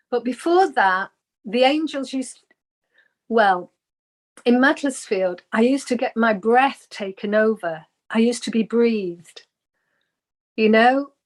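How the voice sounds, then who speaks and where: A woman's voice: on the high side, takes it slowly. A woman, a guest on an interview show, earnestly telling a personal spiritual story and acting out the voices she quotes.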